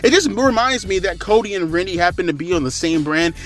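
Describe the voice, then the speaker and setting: A man's voice: high voice, expressive, a little fast. A man ranting about wrestling shows in heated, profane, rambling commentary.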